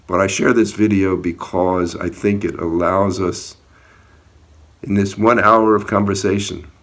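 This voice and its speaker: He has a deep, slightly bright voice. The man is an activist giving a sincere personal account in a video about an encounter outdoors, talking plainly and now and then heatedly.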